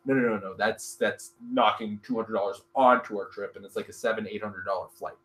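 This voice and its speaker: A Canadian man from Northern Ontario co-hosting a podcast, chatting casually with animated joking rants and frequent laughter. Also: fairly low pitch, brisk. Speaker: podcast co-host. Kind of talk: casual chat.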